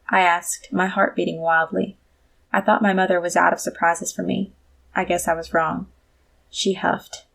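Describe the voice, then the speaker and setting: A woman narrates a first-person story in the even manner of an audiobook reader. Her voice sits low, with a gravelly, fry-touched texture. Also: moderate pace.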